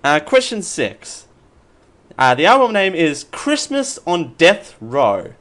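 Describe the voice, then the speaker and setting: A man hosting a casual podcast and reading quiz questions, playful and quick to laugh. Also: high-pitched, wildly swooping pitch, a bit bright. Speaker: quiz host.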